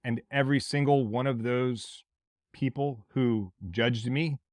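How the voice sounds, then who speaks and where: A man from Mississippi with a Southern accent, hosting a podcast as a blunt, forceful motivational monologue with plenty of swearing. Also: mid-range voice, fairly even intonation, unhurried, no room sound, clean studio sound. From Mississippi, USA. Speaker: podcast host.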